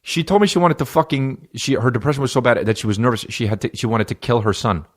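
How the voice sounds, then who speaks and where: A man's voice: mid-range voice, quick pace. A man hosting a comedy podcast, talking in a profane, rambling and jokey way. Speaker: podcast host.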